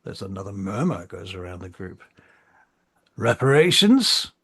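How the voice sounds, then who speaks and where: A man running a tabletop role-playing game as game master. His voice is low and husky, with a gravelly edge, and he stops and restarts his phrases as he narrates. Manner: halting, with many fillers and restarts.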